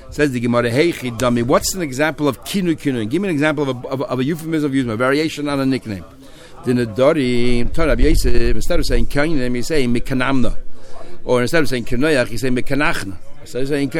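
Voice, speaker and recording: Man, Talmud teacher, mid-pitched voice, talks through text with restarts and Hebrew terms. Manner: explains in a Yeshivish mix of Hebrew and Aramaic terms with English, with many restarts. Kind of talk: Talmud class lecture.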